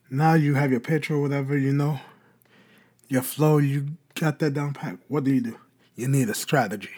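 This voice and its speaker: A man's voice: on the high side, dark tone. A man hosting a podcast, explaining in a casual talk and answering his own rhetorical questions. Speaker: podcast host.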